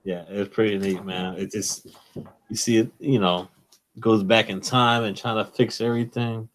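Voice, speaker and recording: A man's voice: lowish voice, normal speed. Enthusiastic comics-stream co-host man. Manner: excited, enthusiastic about comics. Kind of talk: casual livestream chat.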